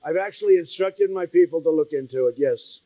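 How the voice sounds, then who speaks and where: Swaggering high-voiced man. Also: a little fast, mellow, dry recording, highs cut off. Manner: boastful, swaggering. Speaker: speaker at a rally. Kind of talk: rally speech and press answers.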